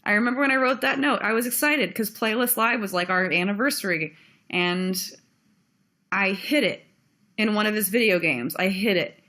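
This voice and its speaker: A woman's voice: mid-range voice, moderate pace, bright, forceful tone. A young woman ranting on her own video channel, blunt and heated, swearing freely as she vents. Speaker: vlogger.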